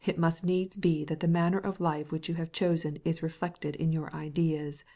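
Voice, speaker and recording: A woman's voice: low-pitched, flat delivery, moderate pace, dark tone. A woman voicing a stiff, proud male official who speaks to his wife in a cold, clipped, formal way.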